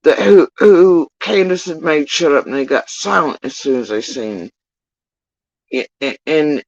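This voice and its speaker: A man telling an emotional personal account, halting and swearing often as he recounts what happened. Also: fairly high pitch, creaky, no room sound, muffled recording. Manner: profane, halting, emotional retelling. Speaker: witness recounting events.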